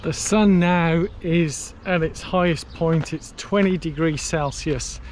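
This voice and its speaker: A fairly high-voiced man vlogs as he walks a long towpath in the heat, chatty and self-mocking, tired from hours on his feet. He thinks aloud with fillers and asides. Faint outdoor noise sits under his voice. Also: takes it slowly. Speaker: vlogger on a long charity walk. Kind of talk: casual walking vlog, talking to camera. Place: outdoors on a canal towpath in hot sun.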